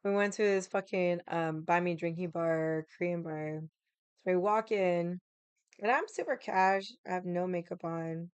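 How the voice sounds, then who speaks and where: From a room in her home, a livestream host tells her chat a long, casual story at a measured pace. Her smooth, clear voice sits on the low side, and she's chatty, swears freely, and uses lots of fillers. The recording is close and dry, with no room sound.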